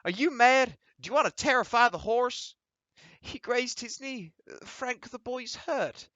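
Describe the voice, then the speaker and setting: A fretful middle-aged mother, voice lifted high and anxious as she fusses over her hurt child, as a man reads her part. The reading sounds slightly dull and dry. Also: slow, fairly bright tone, no echo, exaggerated voice. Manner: worried, soothing.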